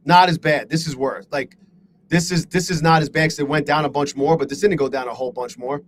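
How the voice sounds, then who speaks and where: A fairly high-voiced man streams his day trading live and talks straight to his viewers. He is frustrated and self-deprecating, swearing freely. Faint background noise runs under his voice. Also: fairly quick, rough recording. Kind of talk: live stream talking to chat.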